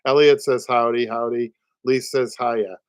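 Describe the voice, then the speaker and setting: A man's voice: medium pitch, fairly even intonation, unhurried, smooth, no echo. A man in his sixties with a Boston accent, hosting a live upholstery show in a rambling, chatty way. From Boston area, USA. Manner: chatty, rambling, repeats words, laughs often. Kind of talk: casual livestream chat.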